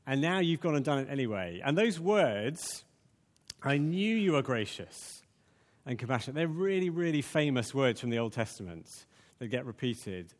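A man's voice: mid-range voice, big pitch swings, moderate pace, in a large hall. A man preaching a conversational sermon, full of fillers and restarts.

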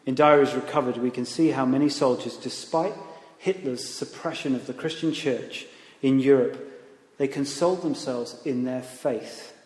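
A man preaching a sermon in a church, animated, with conversational asides and rising emphasis. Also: mid-range voice. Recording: echoey hall, long reverb.

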